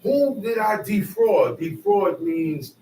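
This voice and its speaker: Bible teacher, male, slangy paraphrasing, higher voice, distant roomy recording. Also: takes it slowly. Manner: explains verses in casual slang, repeats and paraphrases, lively rises. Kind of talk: street-style scripture teaching. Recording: roomy echo, far from mic, faint noise.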